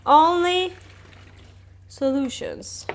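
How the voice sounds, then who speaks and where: A woman's voice: high-pitched, drawn-out words, a little hiss or hum. A woman chatting casually and giggling often as she cooks live on a stream. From Italy. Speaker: cooking streamer. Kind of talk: casual live-stream chat while cooking. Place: home kitchen.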